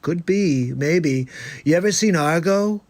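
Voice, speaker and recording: A man's voice: on the high side, a little mellow, pitched above the performer's own voice. A man doing a comedic impression of a brash older male politician who mocks opponents with insulting nicknames. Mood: mocking. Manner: mocking, insulting nicknames, slow deliberate delivery.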